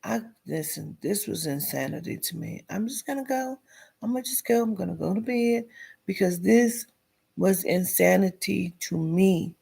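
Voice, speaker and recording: A woman's voice: medium pitch, expressive, normal speed, gravelly, mellow, breathy edge. A woman giving a blunt, profane commentary rant, dropping into whispers for emphasis. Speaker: commentary vlogger.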